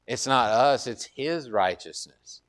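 A man preaches a sermon earnestly, with lively intonation, a slow pace, and a slightly bright voice. He often repeats words as he builds toward a point, and his pitch and force rise when he exhorts.

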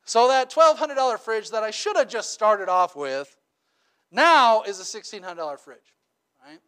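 A man's voice: sits high, normal speed, clear, resonant tone. A man preaching a sermon in a casual, conversational way, often checking in with "right?" and telling stories with humor. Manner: conversational, checks in with rhetorical questions; animated storytelling with humor. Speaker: pastor.

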